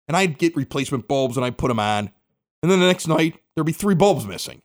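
A middle-aged man from the Chicago area hosting a local podcast, telling a story casually and acting out the quotes. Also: quick pace. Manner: animated, acts out quotes with big pitch jumps. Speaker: podcast host.

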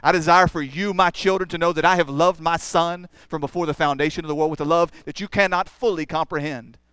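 A man's voice: a little high, fairly even intonation, a little fast, fairly bright tone, clear, resonant tone, no room sound. Emphatic man preaching a sermon. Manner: emphatic preaching with rhetorical questions and repetition.

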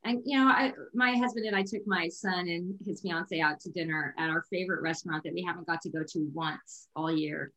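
A middle-aged woman, a reader, talking as a podcast guest in an expressive, emphatic way. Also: fairly low pitch, fairly quick, few pauses. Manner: expressive and emphatic, laughs often. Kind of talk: casual podcast chat. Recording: echoey room.

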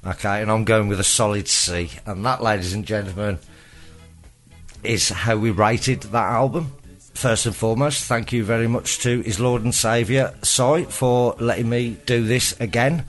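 A man's voice: lowish voice, steady tone, normal speed. A nervous man hosting a casual podcast chat, laughing often and swearing freely. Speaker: podcast host. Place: podcast studio. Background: music playing.

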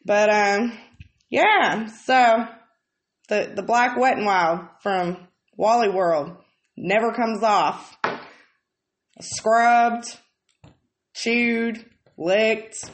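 A woman's voice: on the high side, extremely slow, long pauses. A woman vlogger telling stories in a blunt, exasperated, heavily profane rant. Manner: heavy swearing, blunt and exasperated. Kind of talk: casual storytelling rant. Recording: roomy echoey room.

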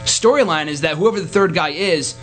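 Male host, energetic and jokey, higher voice, quiet music in the background. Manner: excitable, jokey, quick to shout. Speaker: podcast host. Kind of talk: casual wrestling radio chat. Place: small college radio studio.

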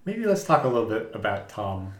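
A man's voice: on the low side, very animated, brisk. A man co-hosting a casual movie chat, laconic and dry in his understatement. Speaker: podcast co-host. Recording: roomy echo.

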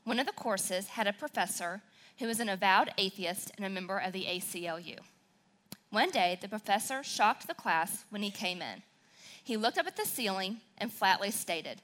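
Sassy, bright-voiced pastor's wife. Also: female voice, mid-range voice, moderate pace. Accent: southern Wisconsin. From southern Wisconsin. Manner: sassy, excitable, emotional storytelling. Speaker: pastor's wife speaking at church. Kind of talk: sermon.

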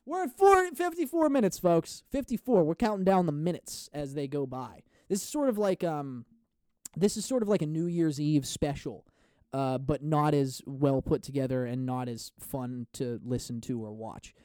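A man's voice: medium pitch, normal speed, mellow, clear, resonant tone, no room sound, studio quality. A man hosting a solo comedy podcast, rambling through profane, goofy, self-mocking jokes into a podcast microphone. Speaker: podcast host. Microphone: studio podcast microphone.

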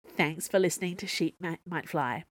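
Female narrator, lower voice, lively storybook reading, dry close recording. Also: normal speed, dry recording. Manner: expressive, voices dialogue with big pitch jumps. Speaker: author narrating her own serial story.

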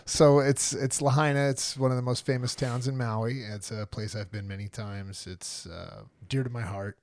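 A man's voice: mid-range voice, fairly even intonation, normal speed. A man hosting a casual podcast, playful and jokey, sounding out of breath. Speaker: podcast host. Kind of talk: casual chat.

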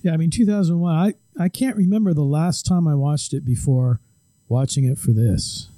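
A man co-hosting a podcast, chatting easily and in a relaxed way about films. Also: a little high, normal speed, no room sound. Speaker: podcast co-host. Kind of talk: casual chat about films.

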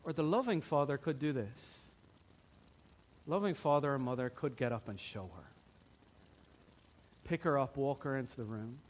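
A man preaching a sermon as pastor, earnest, swinging from soft, quiet passages to fervent, emphatic build-ups. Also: mid-range voice, moderate pace, pauses often, a little hiss or hum.

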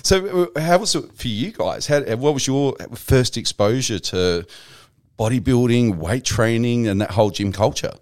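A man's voice: mid-range voice, animated, moderate pace, darkish tone, no echo, clean studio sound. A man hosting a casual podcast interview, joking, restarting and filling with ums as he talks. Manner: chatty, jokey, with many restarts and fillers. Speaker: podcast host.

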